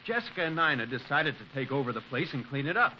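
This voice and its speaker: A man's voice: medium pitch, very animated, fast, lightly acted. An actor playing an earnest young male garage owner in a 1940s radio sitcom, pleading and reasonable. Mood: puzzled. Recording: dull old radio broadcast with faint hiss.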